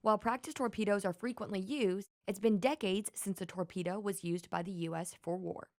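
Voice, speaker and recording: A woman reporter narrates a televised news feature from a script, clear and measured at an ordinary middle pitch. Her tone is steady, and the recording is dry and studio quality.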